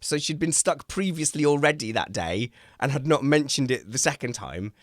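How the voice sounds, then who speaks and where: A man hosting a casual chat, rambling through animated anecdotes and poking fun at himself. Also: medium pitch, normal speed, no room sound, clean studio sound. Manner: rambling, animated storyteller who acts out quotes; self-mocking, laughs at his own stories. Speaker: host.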